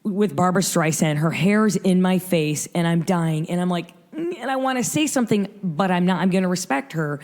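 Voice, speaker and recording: Radio host guest, woman in her 50s, a bit low-pitched, rattles off a story fast and animated, acts out the quotes. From Michigan, USA. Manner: rapid, breathless storytelling with acted-out quotes. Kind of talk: animated anecdote telling.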